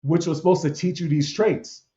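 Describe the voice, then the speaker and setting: Preachy man with a higher voice, lo-fi. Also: normal speed, dark tone. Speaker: podcast host. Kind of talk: opinionated casual commentary.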